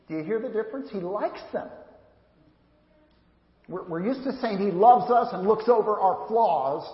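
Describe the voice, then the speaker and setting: A male pastor with a fairly high voice preaches in a church sanctuary. He is earnest, circles back and repeats his phrases, and talks straight to the kids. The sound rings through a long, echoey hall and comes across a bit dull. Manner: earnest, repeats and restarts phrases, speaks directly to children. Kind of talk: sermon.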